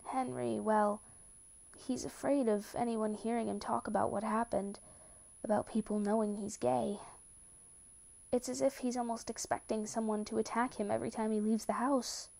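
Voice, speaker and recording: A woman reads the part of a worried mother guarding her son. The voice is fairly high and mellow, tense with distress. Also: fairly even intonation, moderate pace, gravelly. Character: anxious protective mother, middle-aged woman.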